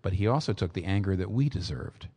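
A male preacher delivering a sermon with a lively, swooping voice that jumps high when he stresses a point. He sounds like he's speaking in a large hall, and his words trail off into a long echo. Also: fast, husky. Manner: animated preaching, pitch rising sharply for emphasis. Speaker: pastor.

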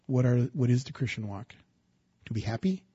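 A man preaching a sermon, asking the congregation rhetorical questions and rising into loud bursts of emphasis. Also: medium pitch, lively intonation, fairly quick, slightly rough, no echo, highs cut off. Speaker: pastor.

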